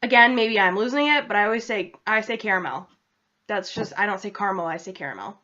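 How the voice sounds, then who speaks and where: Her medium-pitched voice is brisk, pushed and bright. This young central Massachusetts vlogger with a New England accent chats self-deprecatingly into her laptop webcam, rambling along over dull lo-fi sound.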